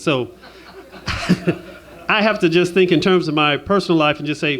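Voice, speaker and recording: A man's voice: high-pitched, unhurried, pauses often, fairly bright tone. A man doing a stand-up comedy set on stage, chatty and self-deprecating, laughing at his own jokes. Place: stage in Las Vegas.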